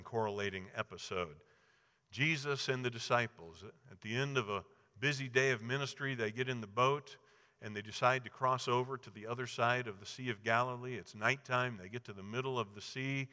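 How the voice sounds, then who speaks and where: A man's voice: medium pitch, pushed and bright. A man preaching a sermon, telling Bible stories and acting out the quoted lines with rising emphasis. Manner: storytelling, acts out quoted voices with rising emphasis. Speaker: pastor. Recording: long hall reverb.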